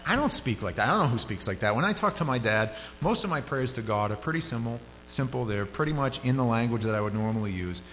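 A man's voice: mid-range voice, quick pace, hardly any pauses. Man preaching in a reverberant hall. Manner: conversational, rises sharply when animated. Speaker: pastor. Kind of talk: sermon. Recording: hall reverb with faint hum.

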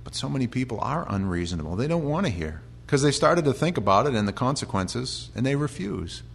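An American pastor talks through scripture in an easygoing, conversational sermon, with fillers and restarts. His voice sits in a middle pitch, and it rises into fervent, loud storytelling at times. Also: big pitch swings, fairly quick, vocal fry, slightly rough. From United States. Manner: conversational, builds to loud impassioned retelling.

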